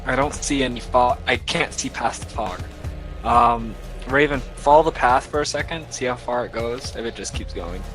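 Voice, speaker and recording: A man's voice: medium pitch, moderate pace, a bit bright. A man playing a tabletop game, joking and laughing often, with faint music behind. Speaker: player. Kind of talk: casual tabletop play.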